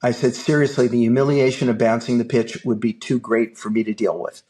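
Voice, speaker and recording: An older man spins a long story as a podcast guest, bringing each character to life as he quotes them. He talks in a plain, mid-pitched voice and builds the tale with relish. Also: brisk. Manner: lively anecdotal storyteller, acts out dialogue. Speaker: guest, film producer. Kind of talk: animated storytelling.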